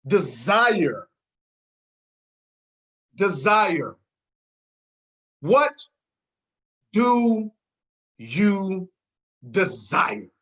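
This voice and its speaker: A man with a bright, forceful voice delivers a preacher-style motivational speech on a team call. He hammers single words over and over, drops almost to a whisper and then climbs to a shout, and calls on his listeners to talk back. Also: high voice, very animated, extremely slow, long pauses. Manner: preacher-like, emphatic, repeats key words, swings between hushed and shouting; asks the audience to answer back.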